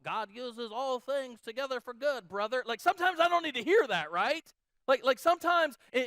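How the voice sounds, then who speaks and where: A high-pitched man preaching from the pulpit, chatty and playful with his congregation. His voice is very dry and close, with almost no room sound around it, and he swings between soft asides and loud mock outbursts. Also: no room sound. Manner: conversational, joking asides with the congregation. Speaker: pastor. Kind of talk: sermon.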